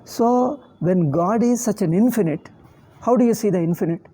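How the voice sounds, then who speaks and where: A man teaches scripture in a mellow, slightly husky voice. He lectures emphatically and keeps asking his listeners rhetorical questions. He turns openly scornful when he speaks of his critics. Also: high-pitched, moderate pace. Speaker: spiritual teacher.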